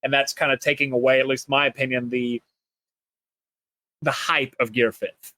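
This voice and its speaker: A man's voice: medium pitch, flat delivery, moderate pace, sharp tone. A man with a Southern US accent co-hosting a podcast, talking casually and rambling with many restarts. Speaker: podcast co-host. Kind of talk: casual chat.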